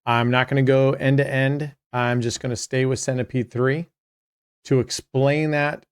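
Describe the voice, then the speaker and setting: A man's voice: mid-range voice, flat delivery, normal speed, clean tone, dry recording, studio quality. Chatty man narrating his roulette play. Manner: chatty, addresses viewers directly, trails off mid-sentence. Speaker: host. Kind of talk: casual commentary while playing roulette.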